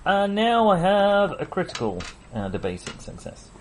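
A man's voice: sits high, moderate pace, noisy background. A man playing a tabletop game in a playful, laughing manner. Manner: playful, lively, laughs often. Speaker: player. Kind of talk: casual tabletop game play.

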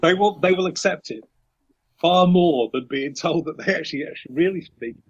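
A man teasing the others at a role-play game table, tripping over his words with a husky, fairly high voice that moves a lot. The recording sounds dull and lo-fi. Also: normal speed, no room sound. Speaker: player.

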